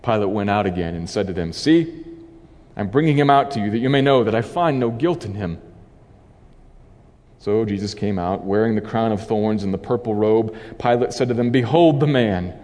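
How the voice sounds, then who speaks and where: A man preacher reading a scripture passage aloud and then explaining it as a sermon, in a measured, dramatic voice. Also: lowish voice, animated, darkish tone, in a large hall.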